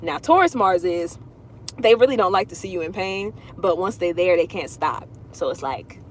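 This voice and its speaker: A woman astrology reader chatting casually on a livestream from inside her car, blunt and profane, telling things with animated emphasis. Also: medium pitch, moderate pace, a little hiss or hum.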